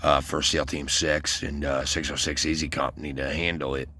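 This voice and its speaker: Very deep rambling profane man. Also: level tone, normal speed, pushed and bright. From Westland, Michigan, US. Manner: rambling, profane, many fillers. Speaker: storyteller recounting military service. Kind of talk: casual rambling monologue.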